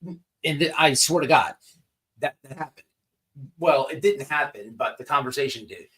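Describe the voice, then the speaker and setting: Male stream host with a somewhat high voice, casual and crude, restarting sentences often. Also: moderate pace, a bit bright, slightly rough. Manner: rambling with many restarts and stammers. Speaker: livestream host. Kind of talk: casual profane commentary.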